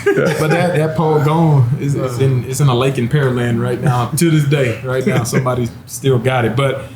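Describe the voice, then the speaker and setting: A man's voice: mid-range voice, fairly even intonation, normal speed, darkish tone, slight background noise. Laid-back man telling a laughing story. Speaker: former NFL running back, panelist. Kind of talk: casual storytelling chat. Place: wine bar, indoors. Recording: roomy with faint ambience.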